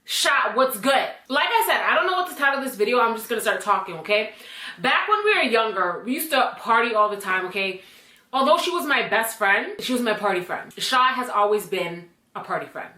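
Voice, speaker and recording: Animated, bright-voiced woman telling a story. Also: on the high side, brisk, reverberant. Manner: blunt and animated, swears freely. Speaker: storytime vlogger. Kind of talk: casual storytime.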